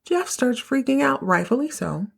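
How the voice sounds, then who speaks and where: A woman hosting a podcast, recapping a TV episode in a casual, animated, opinionated way with lots of slang. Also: sits high, normal speed, creaky, breathy edge. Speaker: podcast host.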